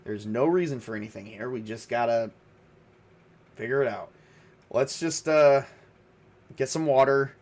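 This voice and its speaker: A man's voice: mid-range voice, a little slow, long pauses, darkish tone, natural voice. A man voicing an earnest male survivor who questions a captive, insistent and a little exasperated. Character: earnest male survivor, cabin owner's ex-husband.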